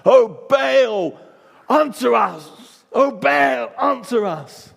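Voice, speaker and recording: A man putting on frantic priests wailing to their god, very high and loud, desperate and shouting into a long-echoing hall. A dramatic outburst within a sermon story. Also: expressive, very slow, gravelly, heavily acted. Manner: crying out desperately. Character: frantic crowd of pleading male priests.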